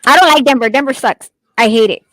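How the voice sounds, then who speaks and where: A woman's voice: high voice, fast talker, fairly bright tone, no room sound, low-quality recording. A woman in a casual chat, talking freely with plenty of swearing and frequent laughter. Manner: chatty, profane, laughs often.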